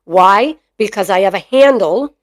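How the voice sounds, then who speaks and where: A middle-aged woman talks slowly and unhurriedly on her podcast, chatty and opinionated, peppering her speech with fillers. Her voice sits in a middle register and sounds dry and close, with no room echo. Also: medium pitch, animated. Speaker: mastiff breeder and podcast host. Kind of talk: casual podcast monologue.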